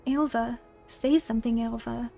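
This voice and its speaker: A woman's voice: fairly high pitch, steady tone, moderate pace, vocal fry, mellow, faint music behind. A woman voicing a stern ghostly father of the house who gives orders.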